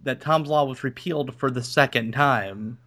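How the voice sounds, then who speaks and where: A man's voice: medium pitch, moderate pace, a bit bright. Man hosting a podcast with dry teasing humor. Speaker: podcast host. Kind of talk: casual chat.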